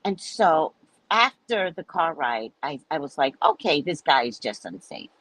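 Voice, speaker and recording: A woman host telling her viewers a story in a casual, animated way, cursing freely and acting out what people said. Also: low-pitched, measured pace, no room sound, low-quality recording. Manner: animated, profane, acts out quoted people. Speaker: psychic reader and host.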